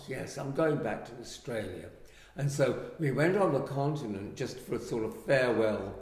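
An older man from England, a writer and actor, telling animated anecdotes and acting out the voices he quotes. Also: medium pitch. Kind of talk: anecdotal storytelling. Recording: echoey room with long reverb.

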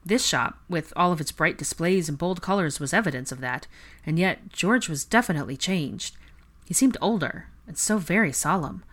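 A woman narrating a fan fiction audiobook in a steady storytelling delivery. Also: lowish voice, moderate pace.

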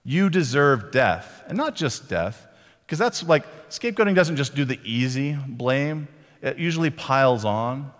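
A man's voice: medium pitch, lively intonation, normal speed. A man giving a conversational sermon, retelling scenes and acting out the lines of the people in them. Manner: conversational, acts out quoted lines. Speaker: pastor. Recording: long reverb of a hall.

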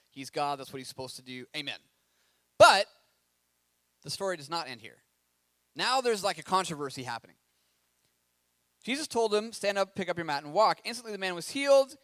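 A man preaching a sermon, reading scripture aloud and breaking off into animated, conversational commentary with rhetorical questions. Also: fairly high pitch, no room sound. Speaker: pastor.

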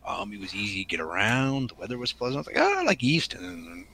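A man's voice: on the low side, animated, fast talker, gravelly, sharp tone, low-quality recording. A man from the Pacific Northwest, co-hosting a podcast in casual chat, rambling with ums and restarts. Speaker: podcast co-host.

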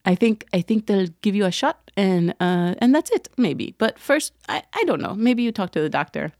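A woman voicing a calm French female ultrasound technician with an attempted French accent. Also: mid-range voice, normal speed, no echo, clean studio sound, voice pushed up, close to an everyday voice. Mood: matter-of-fact.

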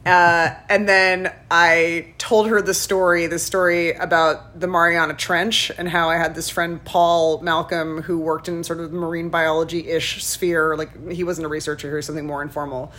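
A woman's voice: fairly low pitch, little pitch movement, normal speed, hardly any pauses, a bit bright. A woman in casual chat, telling a rambling story full of restarts and "like".

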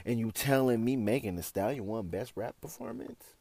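A man, hosting a casual opinion show, sassy and animated, often calling listeners "honey". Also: medium pitch, normal speed, creaky, hardly any pauses, dry recording. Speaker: podcast host.

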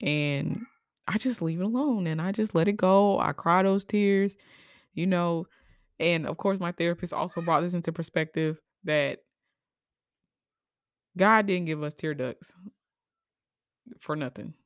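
A young woman hosting a personal podcast, speaking emotionally and haltingly, with many fillers, and at times crying. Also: on the low side, no echo, studio quality. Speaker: podcast host. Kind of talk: personal reflective monologue.

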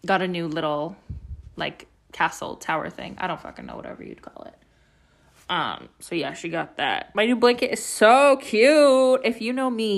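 Young female podcast host, casual solo chat from home; loose, rambling, profane, everyday pitch. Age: young adult. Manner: rambling and chatty, heavy use of "like" and swearing.

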